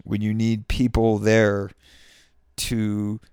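A man's voice: fairly low pitch, completely flat delivery, slow pace, a little mellow, smooth, dry recording, studio quality. A man hosting his own show in a casual monologue, rambling and swearing freely, restarting his sentences and laughing often. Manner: rambling and profane, many restarts and frequent laughter. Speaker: podcast host.

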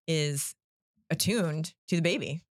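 Brief: woman psychologist guest, low voice, earnest explainer, dry sound. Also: slow pace, dry recording. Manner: earnest, explanatory, keeps checking in with "right?". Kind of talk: casual podcast chat.

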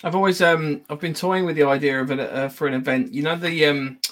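A man hosting a casual chat, relaxed, thinking out loud and reading out comments. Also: fairly high pitch, brisk. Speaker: podcast host.

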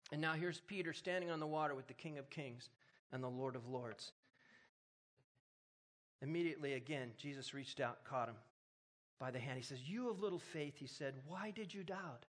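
A man's voice: fairly high pitch, moderate pace, a bit bright. A man preaching a sermon, retelling a story with humor and building to emphatic exhortation. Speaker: pastor.

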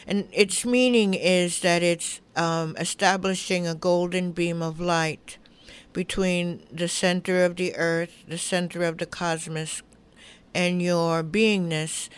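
A middle-aged woman calmly teaching relaxation through humming, toning and breathing, giving unhurried, soothing guidance. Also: fairly low pitch, smooth. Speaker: wellness teacher. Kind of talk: guided relaxation instruction.

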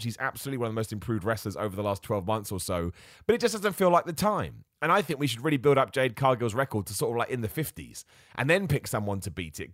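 A man's voice: on the low side, no echo, studio quality. Rambling man hosting a wrestling podcast. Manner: rambling and opinionated, with asides. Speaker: podcast host. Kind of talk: casual solo wrestling chat.

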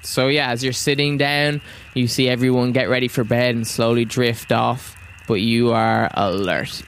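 A man narrating a tabletop game as game master, in a calm, plain manner. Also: mid-range voice, moderate pace, gravelly, slight background noise.

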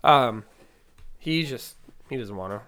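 A young man from Maine co-hosting a podcast, relaxed and teasing, often answering briefly. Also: mid-range voice, slow pace. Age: young adult. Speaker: podcast co-host. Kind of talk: casual chat.

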